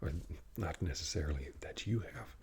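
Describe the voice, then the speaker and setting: A man giving a whispered ASMR talk, speaking in a soft unvoiced whisper, an unhurried explainer who often doubts himself. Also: very deep voice, lively intonation, husky. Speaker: ASMR creator.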